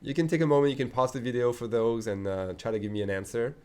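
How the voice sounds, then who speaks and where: A man teaching a beginners' language lesson in a relaxed, joking way, with many fillers and restarts. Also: medium pitch, fast talker, clean tone. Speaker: French teacher. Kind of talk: casual spoken lesson.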